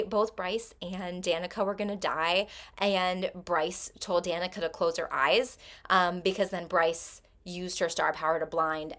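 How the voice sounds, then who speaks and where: A woman's voice: on the low side, a bit bright. A woman hosting a book channel, retelling a novel's plot in a casual, rambling way full of "like". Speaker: book review channel host.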